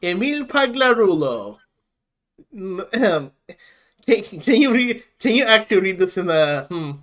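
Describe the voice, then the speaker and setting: A man co-hosting a casual gaming podcast, halting with fillers and restarts and laughing often. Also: high voice, big pitch swings, a bit bright. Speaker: podcast co-host. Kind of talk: casual chat.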